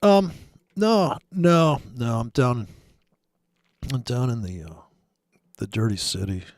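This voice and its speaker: A man's voice: medium pitch, very animated, slow pace, dry recording, clean studio sound. A man from Michigan chatting casually, joking and rambling with many restarts. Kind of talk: casual chat.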